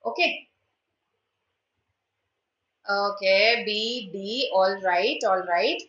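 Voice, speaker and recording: A woman's voice: medium pitch, very slow, fairly bright tone, dull audio, a little hiss or hum. Indian english lady teaching grammar online, slips into hindi, echoey room. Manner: switches between English and Hindi, asks students questions. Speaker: online exam prep teacher. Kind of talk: live online grammar lesson. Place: indoors at home.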